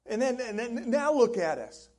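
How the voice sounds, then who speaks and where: A man preaching a sermon, voicing a distraught man who complains loudly to God and stammers in exasperation. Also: extremely high pitch, big pitch swings, normal speed, pitched above the performer's own voice, heavily acted. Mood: exasperated.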